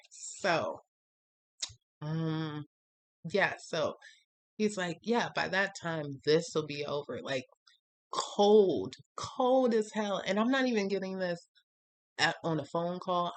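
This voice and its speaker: A woman in a candid storytime monologue, speaking slowly and lingering on her words. Her voice sits on the low side for a woman, and she wanders through fillers and asides. When she quotes others, her pitch leaps up. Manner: candid, rambling, full of fillers, quotes people in a higher voice. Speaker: vlogger.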